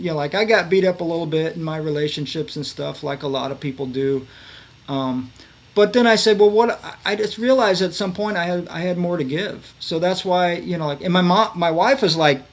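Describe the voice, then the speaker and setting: Guy in his 50s rambling thru a story, lots of you know like, voice a bit on the high side. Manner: rambling, many fillers and restarts. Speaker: podcast guest, veterans advocate. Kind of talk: casual conversational storytelling.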